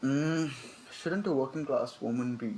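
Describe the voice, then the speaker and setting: Playing through a video game, a young man offers relaxed, foul-mouthed commentary and thinks aloud as he goes. He speaks a little slowly in a medium-pitched, darkish voice, and there's slight background noise.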